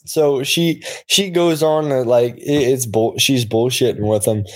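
A man with an ordinary mid-pitched voice rambles through a show recap in casual chat. He stumbles over his words and hunts for the next beat, speaking loosely and bluntly. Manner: rambling, halting, frequent laughs, profanity. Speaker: podcast co-host.

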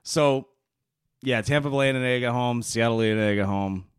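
A man's voice: medium pitch, moderate pace, clean tone, dry recording, clean studio sound. A man co-hosting a casual sports podcast, laughing often and swearing freely. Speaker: podcast co-host.

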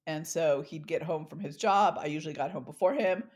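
Middle-aged woman, deep voice, storytelling talk, expressive, acts out dialogue. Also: fairly quick. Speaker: speaker.

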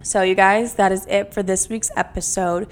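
A young adult woman hosting her own podcast, chatting casually in a brash, heavily profane and animated way. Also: medium pitch, normal speed, clean tone. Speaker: podcast host. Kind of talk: casual solo podcast chat.

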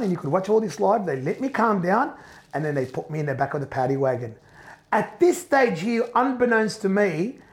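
Animated high-voiced man telling a story. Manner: animated, repeats and restarts, acts out quoted voices. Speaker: business owner telling his story. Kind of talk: emotional first-person storytelling.

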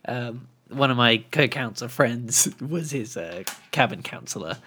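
A man's voice: mid-range voice, expressive, measured pace, pushed and bright, slightly rough. A man chatting casually on a podcast, telling rambling anecdotes with laughing asides. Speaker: podcast co-host. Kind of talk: casual chat, storytelling.

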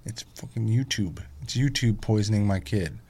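A man in his thirties chatting casually as a podcast guest, telling family stories animatedly, swearing freely and mimicking squeaky kid voices. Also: moderate pace, mellow, breathy edge. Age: 30s. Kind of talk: casual chat.

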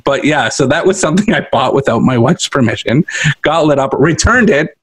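Husky-voiced man telling a funny story. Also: fairly high pitch, fairly quick, poor audio. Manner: animated storyteller who laughs often. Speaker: podcast co-host. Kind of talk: casual storytelling chat. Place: makeshift home studio.

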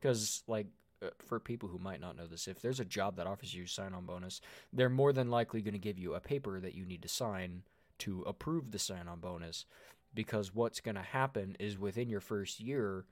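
Low-pitched man rambling casually. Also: fairly quick, darkish tone, no room sound, studio quality. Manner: rambling, hedging, self-interrupting. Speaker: podcast co-host. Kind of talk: casual chat.

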